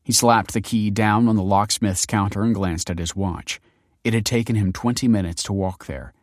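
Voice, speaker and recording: A man narrating an audiobook in a steady, measured way. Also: fairly low pitch, no room sound, studio quality.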